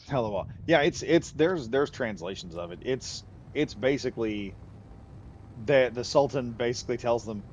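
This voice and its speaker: Low-voiced man rambling through gameplay. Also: normal speed, darkish tone, slight background noise. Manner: rambling, chatty, laughs at own tangents. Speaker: game streamer. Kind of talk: casual live gameplay commentary.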